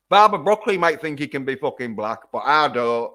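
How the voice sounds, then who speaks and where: A man's voice: medium pitch, expressive, normal speed, hardly any pauses, a bit bright. A man giving a casual, rambling film review on a livestream, swearing constantly as he talks. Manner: rambling and heavily profane.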